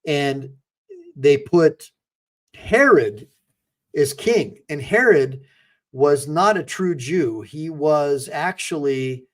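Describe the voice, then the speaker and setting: A man's voice: a little high, lively intonation, drawn-out words. A man hosting a livestream as an attorney, ranting through heated rhetorical questions. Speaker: attorney and online show host. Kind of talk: livestream political commentary.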